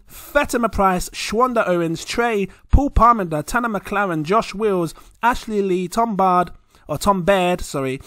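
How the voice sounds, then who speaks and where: A man's voice: high voice, a bit bright, dry recording, clean studio sound. A young man hosting his own crypto channel, chatting casually and rambling, often laughing at himself. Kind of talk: casual vlog talk to camera. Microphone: plugged-in desk microphone.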